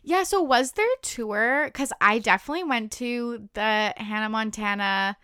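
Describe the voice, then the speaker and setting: A woman's voice: on the high side, moderate pace, pushed and bright, smooth, dry recording, studio quality. A young adult woman hosting a podcast in casual chat, laughing often and swearing freely. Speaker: podcast host.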